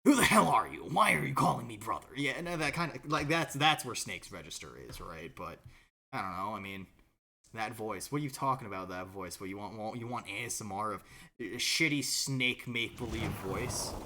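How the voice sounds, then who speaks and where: A man's voice: lowish voice, expressive, moderate pace, pushed and bright. A man streaming a game, chatting casually and rambling, often restarting and swearing. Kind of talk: casual gameplay commentary.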